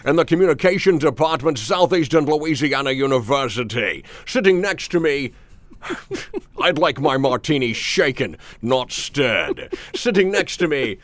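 A radio host putting on a hammy Scottish-accented secret agent voice for the show's opening. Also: male voice, medium pitch, expressive, unhurried, no room sound, close to an everyday voice. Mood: suave, mock-formal. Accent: put-on Scottish. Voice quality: self-admittedly bad impression, hammy.

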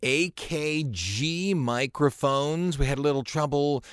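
A man's voice: fairly high pitch, slow pace, clean tone, no echo. A man hosting a radio show in a studio, talking in a casual, joking, self-deprecating way close to a studio microphone.

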